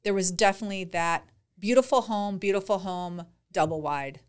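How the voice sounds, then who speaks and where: A woman's voice: mid-range voice, moderate pace, smooth. Chatty woman retelling a trip. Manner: chatty, animated retelling with lots of "like" and quoted dialogue. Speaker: podcast co-host. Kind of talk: casual chat, storytelling.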